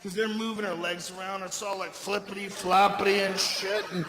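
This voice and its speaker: A middle-aged man performing a loud, profane stand-up comedy routine, often shouting, before a laughing audience in a venue. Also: high voice, level tone, normal speed. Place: large indoor comedy venue. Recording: echoey live venue with audience noise.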